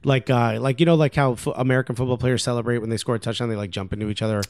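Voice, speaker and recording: A man's voice: medium pitch, fairly even intonation, very fast, a little mellow, dry recording, clean studio sound. A young adult man co-hosting a podcast, chatting casually, teasing and joking. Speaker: podcast co-host. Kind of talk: casual chat.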